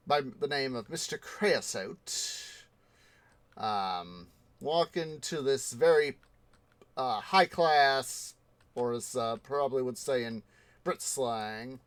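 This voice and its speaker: On a dry recording, a medium-pitched man chats casually on a gaming livestream as he plays. His story wanders, with plenty of ums and false starts along the way.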